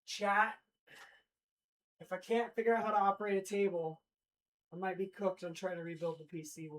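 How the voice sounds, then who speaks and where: A woman's voice: medium pitch, little pitch movement, normal speed. Chatty young woman streamer. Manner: chatty, rambling, many fillers, talks to chat while working. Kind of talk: casual live-stream chat.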